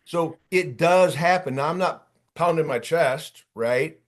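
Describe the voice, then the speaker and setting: A man in his late fifties running an online job-search workshop, talking in an animated, chatty way and calling on attendees by name. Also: fairly high pitch, unhurried. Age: 50s. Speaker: workshop coach. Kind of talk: energetic online workshop talk.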